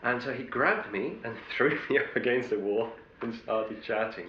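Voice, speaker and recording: A man's voice: medium pitch, normal speed, few pauses, reverberant, highs cut off. A middle-aged male actor telling wry anecdotes in an interview, often restarting his sentences. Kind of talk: interview storytelling.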